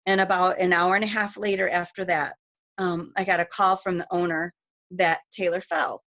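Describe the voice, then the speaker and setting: A middle-aged woman speaks as a guest on a group call, telling a personal story. She talks quickly and with feeling, and her sentences are full of fillers and restarts. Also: fairly low pitch, little pitch movement, fairly bright tone, highs cut off. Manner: emotional, rapid storytelling with many fillers.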